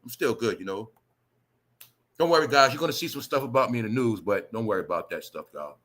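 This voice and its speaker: A man putting on a hushed, mocking voice of a smug man who falsely insists everything is fine. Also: medium pitch, animated, fast talker, voice pushed down. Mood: mock calm. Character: smug man brushing off scandal, falsely calm.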